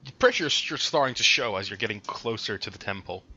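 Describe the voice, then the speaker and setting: Bright-voiced man running a tabletop game. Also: fairly low pitch, lively intonation, brisk, highs cut off. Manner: casual, chatty, hums while looking up rules. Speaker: game master.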